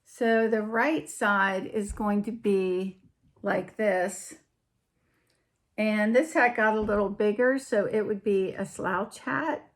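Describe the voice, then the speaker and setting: A woman hosting a casual crafting show-and-tell, chatty and unhurried, often trailing off and picking up her sentences again. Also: mid-range voice, fairly even intonation. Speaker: podcast host.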